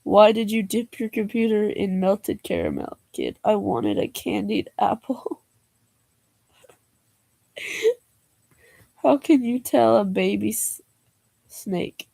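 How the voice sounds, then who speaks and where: A woman's voice: medium pitch, big pitch swings, takes it slowly, gravelly, long pauses, dark tone, no room sound. A young woman vlogger reading jokes aloud in a casual way, laughing and groaning at them and adding slangy asides.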